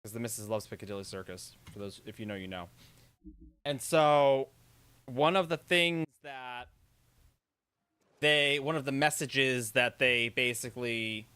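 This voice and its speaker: A man's voice: medium pitch, unhurried, pauses often, sharp tone, smooth, no room sound. A man with a New England accent, co-hosting a stream, telling rambling stories and teasing dryly. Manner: rambling storyteller, dry teasing. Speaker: stream co-host. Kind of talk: casual stream chat.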